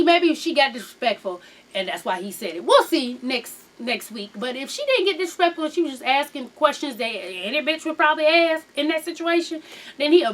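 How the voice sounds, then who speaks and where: A woman recapping a reality show in a casual, sassy, profane gossip style, acting out the people in her story. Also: high-pitched.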